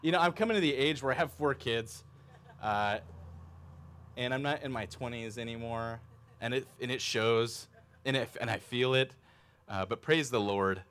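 A man in his thirties preaching a sermon in a church, animated and conversational, often asking the congregation questions. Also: mid-range voice, normal speed. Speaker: pastor.

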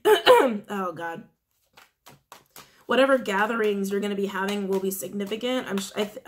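A woman's voice: mid-range voice, slight background noise. Chatty woman reading tarot. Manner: chatty, rambling, many fillers. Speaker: tarot reader. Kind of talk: casual tarot reading to viewers.

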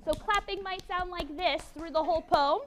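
Woman, very high voice, university lecturer, lively and playful, classroom. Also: moderate pace. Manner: lively, encouraging, playful teacher talk. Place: college classroom.

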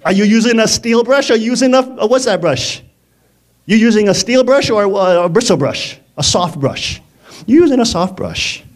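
A man preaching a lively sermon, his voice sitting fairly high for a man and swinging widely up and down. He keeps it conversational, laughs often and keeps asking the congregation questions. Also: moderate pace.

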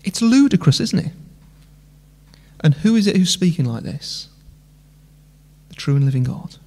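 A man's voice: high-pitched, lively intonation, moderate pace, mellow. A man preaching an impassioned sermon in a church, full of rhetorical questions. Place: church hall. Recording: long church hall reverb.

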